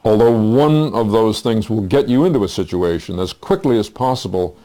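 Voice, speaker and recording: Low, mellow man explaining calmly. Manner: measured, explaining with a metaphor. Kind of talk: documentary interview.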